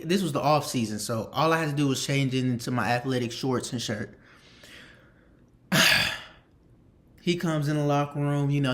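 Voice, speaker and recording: A young man casually telling a story, animated and slangy, repeating phrases for emphasis and swearing freely. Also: mid-range voice. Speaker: storytime vlogger.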